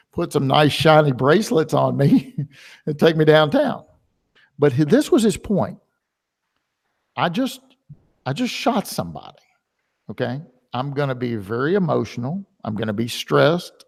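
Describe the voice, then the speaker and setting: A male webinar host talks in a loose, rambling way, filling his sentences with ums and uhs. His voice sits at an ordinary middle pitch. It carries a long, hall-like reverb. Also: creaky. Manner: rambling and chatty, with many filler words. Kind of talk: casual webinar talk.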